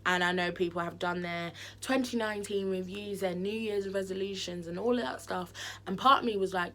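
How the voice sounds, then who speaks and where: A woman's voice: medium pitch, steady tone, fairly quick, a bit bright. A woman in a candid, chatty vlog to camera, talking frankly and expressively from indoors at home. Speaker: vlogger. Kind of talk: candid casual chat to camera.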